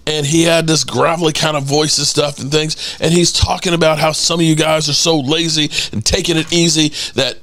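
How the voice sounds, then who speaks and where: Animated middle-aged man telling a story. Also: on the high side. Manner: animated storyteller, acts out quotes, swears casually. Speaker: podcast host. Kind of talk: casual storytelling livestream.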